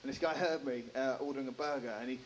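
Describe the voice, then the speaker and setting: A man in his thirties from England with an English accent, doing a stand-up set in a dry, self-deprecating way at a slow, deliberate pace. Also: medium pitch, fairly even intonation, dull audio, a little hiss or hum. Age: 30s. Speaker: stand-up comedian. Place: comedy club stage with a live audience.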